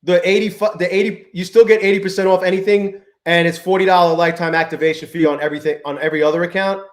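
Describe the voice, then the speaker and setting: A man hosting a live trading stream, chatting with viewers, swearing often and swinging between low mutters and exasperated outbursts. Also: steady tone, quick pace, echoey room. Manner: profane, exasperated, talks to chat. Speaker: livestream trading host.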